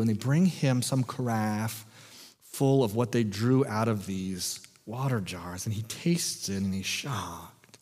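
A man's voice: medium pitch, a little slow, darkish tone, in a large hall. An American man preaching a sermon as pastor, conversational and jokey, often restarting his phrases.

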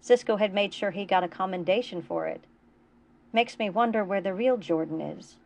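A woman voicing a tired, formal male starship captain speaking in a measured way. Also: mid-range voice, a little mellow, close to an everyday voice.

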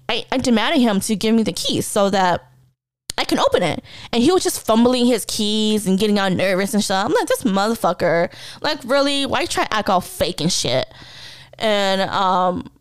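Young woman, bit high voice, dry close sound, blunt and foul-mouthed, animated storytelling. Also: no room sound. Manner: blunt, profane, animated retelling with laughs. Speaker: podcast host. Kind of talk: casual storytelling monologue.

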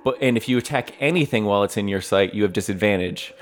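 A man's voice: lowish voice, fast, slight background noise. A man running a tabletop game as game master, narrating loosely with fillers and laughs.

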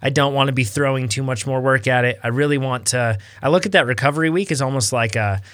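A man's voice: medium pitch, quick pace, fairly bright tone, dry recording. Male podcast host, mid-range voice, dry studio sound, easygoing and conversational. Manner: casual, reads listener questions aloud. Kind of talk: podcast discussion.

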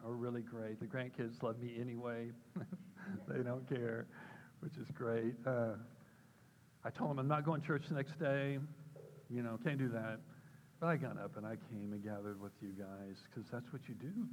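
An older man at a church gives a personal testimony in a plain, mid-pitched voice. He tells his story with lively turns, often jumping up in pitch to act out the voices he quotes. A faint hiss of noise sits under the recording. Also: poor audio. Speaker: church speaker.

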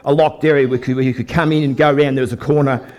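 In a mid-range voice that races along, an older man from Australia recounts a folksy faith story from the pulpit. It's a testimony sermon for a live church audience, told with plenty of liveliness toward the crowd.

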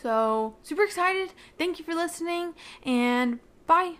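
In a very high, expressive voice at a measured pace, a young woman podcast host recaps a book. She rambles and gushes, saying "like" constantly.

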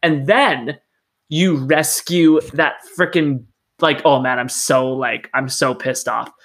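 A man ranting in casual chat about a video game, animated and profane, acting out the characters' lines. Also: mid-range voice, takes it slowly.

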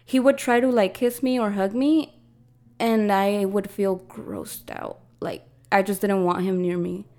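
A woman's voice: medium pitch, fairly even intonation, measured pace, a little mellow. Young woman from Mexico, confiding. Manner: emotional, confiding, heavy use of "like". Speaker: podcast co-host. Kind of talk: casual chat, personal storytelling.

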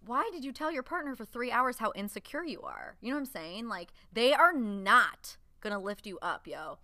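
A woman's voice: on the high side, expressive, normal speed, pushed and bright, no echo. Young woman, podcast co-host, casual profane banter, dry close sound. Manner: candid, profane, laughs often. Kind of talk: casual chat.

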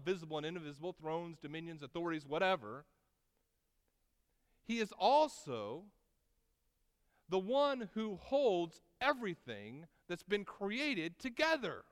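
Male pastor preaching, clear resonant voice, fairly high, long hall reverb. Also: very animated, a little slow. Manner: preaching with wide swings between loud emphasis and quiet asides. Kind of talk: sermon.

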